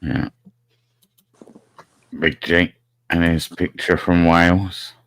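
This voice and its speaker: A man's voice: sits low, level tone, a bit bright. A man who banters and teases the others in a casual panel chat. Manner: slow, teasing, mocking banter.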